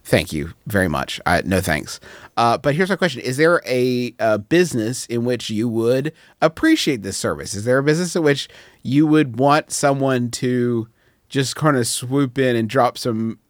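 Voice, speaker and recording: Brief: male comedy podcast host, rambling and self-mocking, dry close sound, mid pitch. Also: moderate pace, dry recording. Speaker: advice podcast host reading listener letters. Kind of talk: casual comedic chat.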